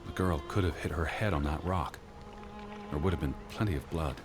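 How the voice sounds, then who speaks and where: An actor playing a cold, pedantic middle-aged gentleman scholar who speaks in a dry, dismissive, precise way. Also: a bass voice, a little fast. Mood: cool. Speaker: game character. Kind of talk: game voice acting. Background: game music.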